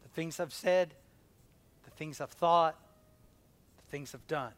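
A man in his forties preaches with a somewhat high voice. He drives lines hard, then drops to a hushed near-whisper for tender moments. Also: slow. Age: 40s. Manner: impassioned, swinging from loud emphasis to a hushed near-whisper. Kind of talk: sermon.

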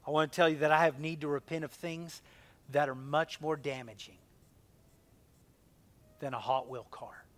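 A man in his forties preaches with a somewhat high voice. He drives lines hard, then drops to a hushed near-whisper for tender moments. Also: steady tone, moderate pace, pauses often. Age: 40s. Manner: impassioned, swinging from loud emphasis to a hushed near-whisper. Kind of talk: sermon.

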